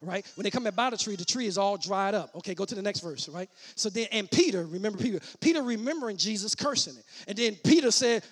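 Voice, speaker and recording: A man preaching a sermon, starting as casual teaching and building to loud shouted preaching, repeating and restarting his words. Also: high voice, animated, fast talker, hardly any pauses, husky.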